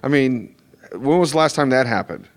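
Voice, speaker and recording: A man's voice: medium pitch, normal speed. Rambling, emphatic male comic artist. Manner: rambling, many restarts and "you know" fillers; animated, emphatic asides. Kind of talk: convention interview chat.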